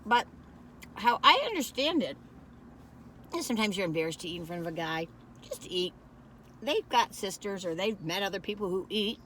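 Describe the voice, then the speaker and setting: A woman's voice: mid-range voice, animated, normal speed, pauses often, a bit bright, slight background noise. Rambling, chatty older woman in a car. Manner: rambling, folksy, chatty, giggly asides. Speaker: food review vlogger. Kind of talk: casual chatty food review. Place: parked car. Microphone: phone camera.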